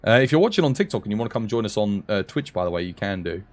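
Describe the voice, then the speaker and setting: A British man streaming a game, chatting in a relaxed way with his viewers while tired and dry in the throat. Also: fairly low pitch, racing. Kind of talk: live game stream commentary.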